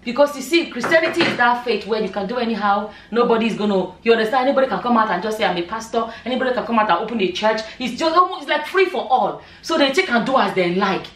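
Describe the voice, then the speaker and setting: A woman's voice: on the high side, lively intonation, quick pace, few pauses, fairly bright tone, distant mic, a little hiss or hum. Amused woman vlogger, roomy echo. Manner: laughs often while reading, chatty and amused. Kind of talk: casual chat, reading social media comments aloud.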